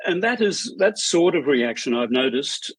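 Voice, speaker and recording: Male strata chair, husky and dry-humoured, steady anecdotal delivery. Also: a little high, moderate pace, no room sound, low-quality recording. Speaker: strata committee chair, podcast guest. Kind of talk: conversational interview storytelling.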